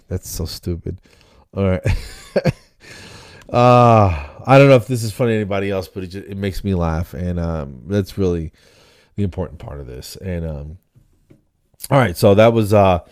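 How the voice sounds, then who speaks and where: A man's voice: low voice, darkish tone, dry recording, studio quality. A man in his fifties hosting a comedy show, rambling through a casual monologue and chuckling at his own jokes.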